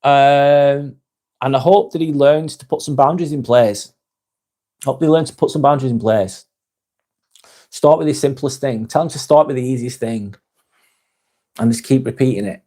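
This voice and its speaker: A man's voice: mid-range voice, normal speed, pauses often, dark tone. A man hosting a casual live stream, reading out chat comments in a rambling, sweary, sometimes sarcastic way.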